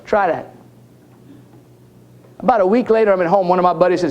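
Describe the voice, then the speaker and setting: High-voiced, animated male keynote speaker. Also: fairly quick. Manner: animated, jokey, talks straight to the audience. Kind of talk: storytelling conference talk. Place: conference hall.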